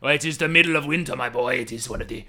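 Man voicing hairy accented villager, gravelly, grand and ominous. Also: a little high, brisk, bright, forceful tone, slight background noise, full character voice. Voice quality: put-on foreign accent. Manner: theatrical, grand and menacing.

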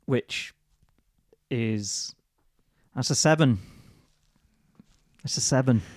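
A man's voice: mid-range voice, very slow, darkish tone, no room sound, clean studio sound. A man playing a tabletop game, chatting casually and thinking aloud hesitantly, with lots of fillers. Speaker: player.

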